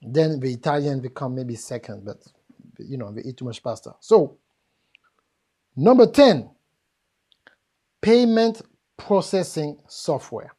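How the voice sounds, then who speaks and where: A woman lectures live on business at a seminar in a French accent, talking directly to the audience in an emphatic and jokey way. Her deep, mellow voice has lively intonation, and she speaks a little slowly with frequent pauses.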